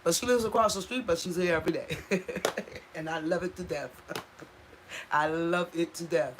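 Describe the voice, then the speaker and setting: A woman's voice: on the low side, normal speed, noisy background. A woman speaking on a live stream from home, raw and impassioned, repeating herself for emphasis and stopping to thank viewers. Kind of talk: emotional casual live-stream talk.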